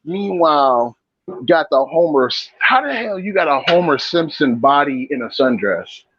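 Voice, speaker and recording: A man co-hosting a casual podcast, telling an animated, profane story and roasting a stranger between laughs. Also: fairly high pitch, normal speed, husky, dry recording. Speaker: podcast co-host. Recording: dull lo-fi sound.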